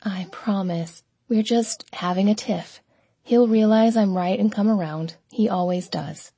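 A woman reading the lines of a tearful middle-aged mother who brushes off her troubles, speaking softly and reassuringly. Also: medium pitch, a little slow, husky, dry recording.

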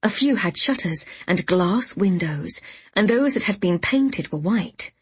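A woman narrating a novel in the first person, with measured storytelling. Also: medium pitch, animated, husky, no echo. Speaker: audiobook narrator.

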